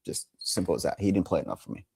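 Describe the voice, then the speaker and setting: A man co-hosting a sports podcast, excitable in casual chat, often restarting his sentences. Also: low-pitched, fast talker, creaky, husky. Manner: excitable, lots of restarts and laughter. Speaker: podcast co-host.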